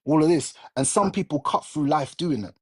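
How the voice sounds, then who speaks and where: Husky Jamaican man lecturing. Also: on the high side, moderate pace. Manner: emphatic, repetitive, lecturing. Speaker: live stream host. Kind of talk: casual chat.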